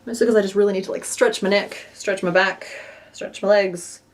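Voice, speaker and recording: A woman's voice: mid-range voice, steady tone, a little fast. A young woman with a West Australian accent, chatting casually with viewers on a live stream while she crochets. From Western Australia. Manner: chatty and self-deprecating, narrating her hands-on work.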